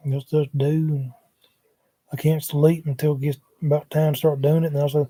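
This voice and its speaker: Man, casual rambling livestreamer, dark mellow voice, dry laptop sound. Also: fairly high pitch, little pitch movement, brisk, no echo. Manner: drawling, wandering, muttering asides. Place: at home, sprawled on a couch. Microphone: laptop microphone.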